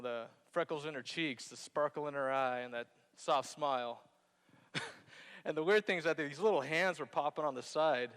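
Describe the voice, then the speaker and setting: A man's voice: a little high, fairly bright tone. Guy vet telling a goofy war story on stage, jokey, acts it out, big echoey hall. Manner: playful, jokey, acts out scenes. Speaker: Marine veteran telling his story on stage. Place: theater stage. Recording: hall reverb.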